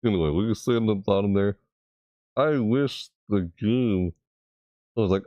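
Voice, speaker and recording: A man who makes gaming videos, chatting casually to camera, reading out viewer messages and answering them in a rambling way, with sudden high yelps. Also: normal speed, pauses often, dark tone, no echo, studio quality. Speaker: gaming YouTuber reacting to trailers and chat.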